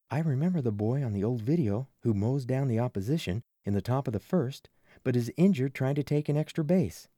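Guy reading a story in first person, animated delivery, dry close sound. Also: medium pitch, a little fast, no room sound. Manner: lively, expressive storytelling. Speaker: narrator. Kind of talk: first-person audiobook narration.

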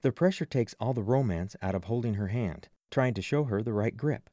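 A man narrating a first-person audiobook with expressive storytelling. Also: on the low side, a little fast, few pauses, no room sound, studio quality.

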